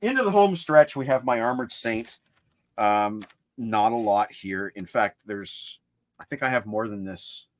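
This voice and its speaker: Speaking at a measured pace in a fairly low voice, a man co-hosting a livestream talks enthusiastically about his CD collection. The recording is dry.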